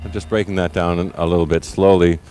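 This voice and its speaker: Very deep-voiced man explaining drumming. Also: little pitch movement, dark tone, clean tone, faint music behind. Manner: measured, thoughtful, explains slowly with fillers. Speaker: drummer giving a lesson. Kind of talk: instructional explanation. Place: recording studio.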